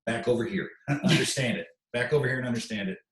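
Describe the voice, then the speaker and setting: A man's voice: mid-range voice, fast talker, recorded from a distance. A middle-aged man, a military veteran and podcast guest, talking in a heartfelt, rambling way and repeating himself. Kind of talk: podcast interview. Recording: echoey room, off-mic.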